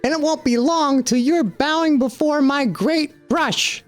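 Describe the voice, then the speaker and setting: A man's voice: very high-pitched, measured pace, soft background music. A man voicing a tiny, boastful male bug who calls himself a wandering artist, brash and bragging. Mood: cocky.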